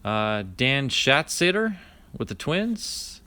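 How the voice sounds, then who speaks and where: Speaking slowly with big pitch swings, this man has a medium-pitched voice that's pushed and bright yet clean, with no room sound. He's a card-opening vlogger giving casual commentary, calling out each card name in a chatty list and addressing live viewers by name.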